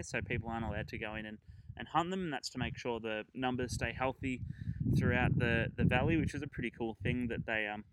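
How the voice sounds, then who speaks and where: A man's voice: mid-range voice, background noise. A man hosting a travel podcast, chatting casually and rambling through his trip stories with fillers and chuckles.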